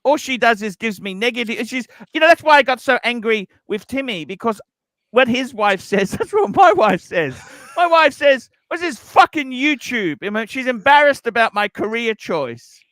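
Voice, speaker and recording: A man's voice: extremely high pitch, big pitch swings, moderate pace, a bit bright, dry recording. A man hosting a livestream chat, rambling, swearing and complaining that nobody appreciates him, heard over a video call. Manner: complaining, swearing, self-pitying. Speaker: livestream host.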